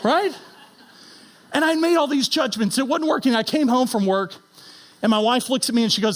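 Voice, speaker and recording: A middle-aged man giving an inspirational stage talk, emphatic and animated, asking the audience rhetorical questions. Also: extremely high pitch, normal speed, long pauses. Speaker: founder and CEO giving a conference talk. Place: conference stage.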